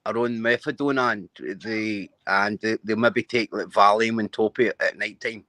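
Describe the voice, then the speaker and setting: A man's voice: on the low side, fairly even intonation, normal speed, pushed and bright, no echo. A Scottish man talking casually on a live stream, blunt and swearing, often stammering and restarting. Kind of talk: casual chat.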